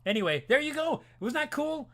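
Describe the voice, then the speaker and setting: A man in his late forties or fifties hosts an anime talk stream as a podcast host, chatting casually and animatedly. His very high, fairly bright voice swings widely in pitch and runs a little fast. He rambles with frequent restarts, laughs while talking, and reads chat aloud as he answers it.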